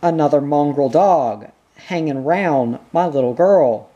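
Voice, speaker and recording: A slow, husky-voiced reader voicing a broken, guilty father making a weary, shaken confession. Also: mid-range voice, mellow, muffled recording, lightly acted.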